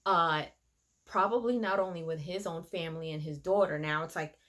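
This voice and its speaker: A woman giving a casual, animated recap of a TV episode, quoting the characters as she retells it. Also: lowish voice, normal speed. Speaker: reviewer.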